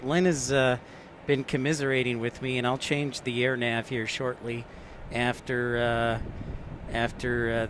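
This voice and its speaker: A man's voice: medium pitch, slight background noise. A man hosting a casual live stream, joking around and answering viewers' chat messages. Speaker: livestream host.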